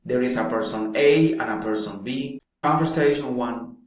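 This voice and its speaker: A man teaching pronunciation in a slow, deliberate way, pausing often between phrases. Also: mid-range voice. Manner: slow, deliberate, drawn-out speech with long pauses. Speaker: English teacher. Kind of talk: slow explanatory lesson. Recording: very echoey room.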